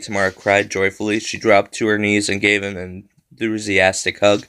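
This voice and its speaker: Man, narrator, horror story reading, steady delivery, low pitch. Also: fairly quick, hardly any pauses.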